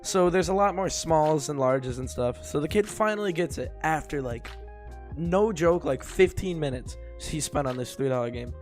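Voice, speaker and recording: A man's voice: a little high, normal speed, darkish tone, faint music behind. A young man co-hosting a podcast, telling a story in a rambling, casual way with lots of filler words and laughter. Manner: rambling, full of likes and laughs. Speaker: podcast co-host.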